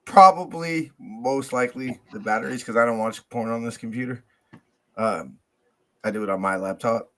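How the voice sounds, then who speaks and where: A man's voice: mid-range voice, moderate pace, fairly bright tone. A man co-hosting a casual sports podcast, talking in loose slang with lots of swearing and fillers. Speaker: podcast co-host.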